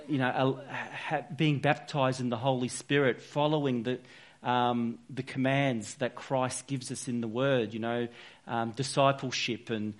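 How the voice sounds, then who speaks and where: Male preacher, mid-pitched, earnest and chatty, informal sermon delivery. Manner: earnest, conversational, with frequent restarts and "you know".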